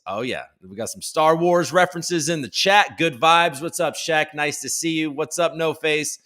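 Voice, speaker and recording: A man's voice: on the high side, a little slow, few pauses, bright, forceful tone. Male host, 30s, sounds tired; loose, chatty live-stream delivery at a desk mic. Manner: loose, rambling, reads chat aloud. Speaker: podcast host. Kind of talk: casual live-stream chat.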